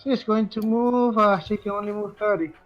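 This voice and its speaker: A man playing in a tabletop game, reacting excitedly and announcing his moves. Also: sits high, normal speed, highs cut off. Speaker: player. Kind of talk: casual tabletop game play.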